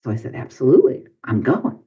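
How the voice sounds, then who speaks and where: A man's voice: mid-range voice, wildly swooping pitch, fast, slightly rough. A man guest on a podcast, telling a personal story and acting out his own past lines with big swings of voice. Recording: dull lo-fi podcast audio.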